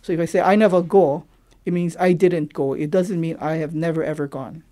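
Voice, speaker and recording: Halting man explaining a creole. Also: on the high side, fairly even intonation, warm tone. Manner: thoughtful, halting, searching for examples. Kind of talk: explaining language with examples.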